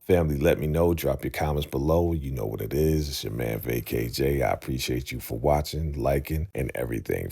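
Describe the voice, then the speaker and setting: Guy recapping an episode on his channel, deep husky voice, super animated, acts out the scenes. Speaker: show recap host. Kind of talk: casual show recap vlog. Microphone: podcast microphone.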